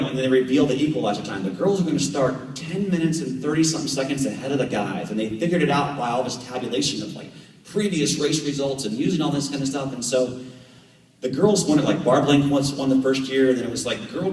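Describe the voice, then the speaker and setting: An American man in his thirties, a professional triathlete giving a guest talk to a club. He tells animated stories and acts out conversations, with many fillers. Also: medium pitch, a little fast. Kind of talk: storytelling talk to a club audience. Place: club meeting room with audience. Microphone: camera at the back of the room. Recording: echoey hall from far off.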